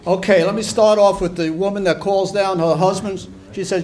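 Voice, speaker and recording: A man's voice: steady tone, normal speed, few pauses, darkish tone, a little hiss or hum. An older man telling stand-up jokes at a community show, slipping into the voices of bickering old couples. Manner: voices Yiddish-flavored old couples, rising shrill for the wives. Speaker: amateur stand-up comedian. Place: community hall stage before a live audience.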